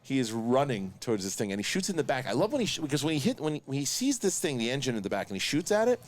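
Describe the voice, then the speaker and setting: Excitable male host, casual watch-along commentary, voice swings up and down a lot. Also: medium pitch. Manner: excitable, talks fast in bursts, laughs often.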